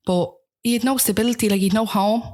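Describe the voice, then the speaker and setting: A woman's voice: medium pitch, fairly even intonation, quick pace, warm tone, a little hiss or hum. A young woman with a Dublin accent, speaking frankly as an interview guest about family, in a chatty conversational way. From Ballymun, Dublin, Ireland. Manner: frank, with frequent "like" and restarts. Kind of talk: candid conversational storytelling.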